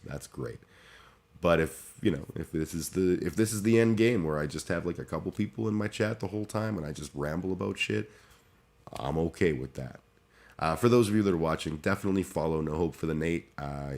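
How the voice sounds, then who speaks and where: A man's voice: rumbling low, a little mellow. A man chatting casually on his livestream, rambling and self-deprecating with lots of restarts. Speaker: streamer.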